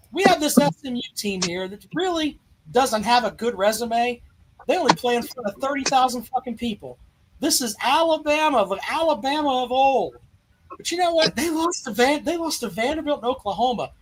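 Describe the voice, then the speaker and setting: Mock-polite taunting male host, very high. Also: noisy background. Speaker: sports talk host. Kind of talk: call-in radio banter.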